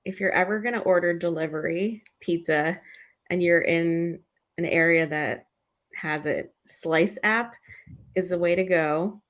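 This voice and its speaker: Chatty low-voiced woman co-host. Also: a little slow. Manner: chatty, many "like" fillers. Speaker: podcast co-host. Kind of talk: casual panel discussion.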